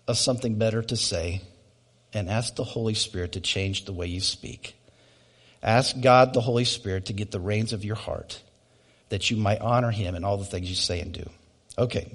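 A man's voice: fairly low pitch, normal speed, slightly rough. A middle-aged male pastor giving a sermon with prayer, telling personal stories in a conversational way with asides.

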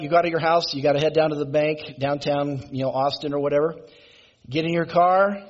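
A man's voice: a little high, slightly rough. A male pastor giving a conversational sermon to his congregation, asking them to respond and building to emphatic passages. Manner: builds to raised, emphatic delivery. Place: church sanctuary. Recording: muffled, lo-fi sermon recording.

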